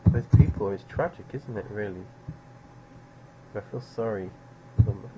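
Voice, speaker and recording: A man's voice: fairly low pitch, moderate pace, muffled recording, very noisy. A man streaming live poker, musing over players in a dry, sardonic way.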